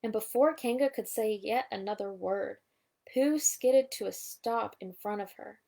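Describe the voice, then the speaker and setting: Gravelly woman reading a bedtime story. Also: mid-range voice, a little slow, mellow. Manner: reads with asides pointing at pictures. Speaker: storybook reader. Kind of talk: bedtime story read-aloud.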